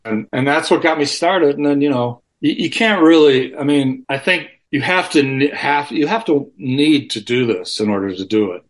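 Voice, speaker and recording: A man's voice: mid-range voice, normal speed, hardly any pauses. A man speaking as a guest in an interview, talking frankly and with plenty of profanity, rambling with many restarts over a remote call from his home. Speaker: guest musician. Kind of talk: candid conversational interview.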